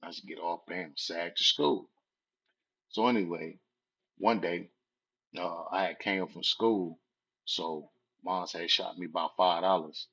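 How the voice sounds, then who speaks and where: A man's voice: sits low, fairly even intonation, a little slow, creaky, pauses often, bright, forceful tone, husky. A man, casually telling a personal story in laid-back street slang. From Southern California. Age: 40s. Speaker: vlogger. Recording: dull lo-fi recording.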